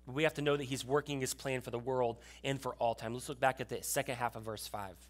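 A male pastor with a mid-range voice preaches quickly in a steady tone. His sermon is conversational, with frequent sentence restarts and asides checking in with the congregation.

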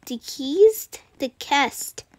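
A woman voicing Fluttershy, a timid gentle young female pony, talking through a video game and gasping at every fright. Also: sits high, lively intonation, very slow, heavily acted. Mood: nervous. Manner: easily frightened, gasps and soft exclamations. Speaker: gamer. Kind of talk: playing a video game in character. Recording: constant background noise.

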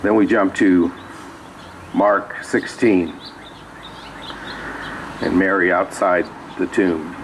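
Low-voiced man preaching casually. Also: steady tone, slow, long pauses, slight background noise, low-quality recording. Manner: conversational, reads scripture aloud with asides. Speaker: pastor. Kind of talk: sermon. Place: small church sanctuary.

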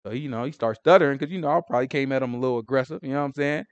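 A man's voice: medium pitch, very fast, no echo, muffled recording. Emphatic man teaching in a dry room. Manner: emphatic, conversational, rhetorical questions; frequent "you know what I'm saying". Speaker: Bible teacher. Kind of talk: casual street-style teaching.

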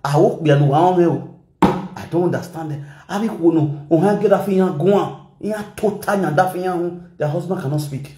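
A man with a Nigerian Pidgin English accent giving animated gossip commentary, switching languages and mimicking people. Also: a little high, normal speed, reverberant, slight background noise. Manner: animated, mixes Pidgin and Yoruba, shouts and mimics. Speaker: gossip vlogger. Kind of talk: excitable commentary vlog.

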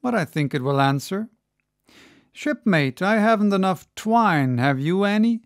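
Calm defiant sailor read by an audiobook narrator, low and gravelly, unhurried. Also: no room sound, clean studio sound. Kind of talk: audiobook reading.

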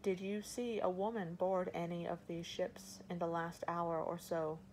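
A woman's voice: fairly low pitch, level tone, unhurried, a little mellow, slight background noise, poor audio. A woman reading the part of a desperate young prince, urgent and pleading, in an audiobook.

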